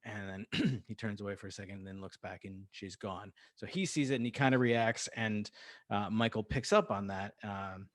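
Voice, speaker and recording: A podcast co-host with a fairly low voice casually recaps a film at a moderate pace, rambling with plenty of fillers and laughter. He laughs and acts out quoted lines, and the recording has no room sound.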